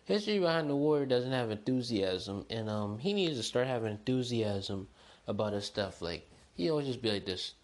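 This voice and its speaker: A young man hosting a solo podcast, chatting in a rambling, excitable, slangy way. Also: medium pitch, normal speed. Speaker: podcast host. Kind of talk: casual solo podcast chat.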